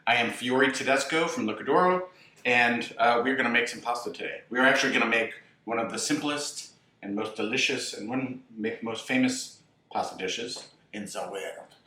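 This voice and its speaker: A man's voice: medium pitch, moderate pace, pushed and bright, far from the mic. A man hosting a casual cooking demonstration as a chef, talking loosely with jokes and asides. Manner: joking, loose, many ums and asides. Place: kitchen. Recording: roomy kitchen, mic set back, faint sizzle.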